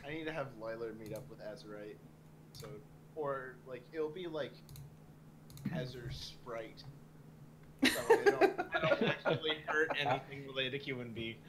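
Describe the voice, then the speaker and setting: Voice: medium pitch, lively intonation, normal speed, long pauses, crowd noise. A speaker running an online party card game, rambling animatedly and laughing with friends. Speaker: game organizer. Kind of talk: casual chat over a party card game.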